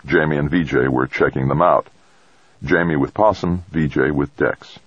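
A man narrating a novel with a very deep, husky voice and a steady, measured delivery. The recording is dry and slightly dull, with no room sound. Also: no room sound. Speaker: audiobook narrator. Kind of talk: scripted narration.

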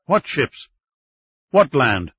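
A man's voice: medium pitch, big pitch swings, extremely slow, husky, no echo, exaggerated voice. A man voicing a normally passive official who asks bewildered questions, on slightly dull, muffled audio. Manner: puzzled, questioning.

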